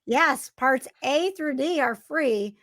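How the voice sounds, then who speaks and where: A woman's voice: high voice, expressive, takes it slowly, a bit bright, no room sound, studio quality. A woman co-hosting a podcast in casual chat, chatty and giggly with lots of fillers, sounding tired. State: tired from lack of sleep. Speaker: podcast co-host.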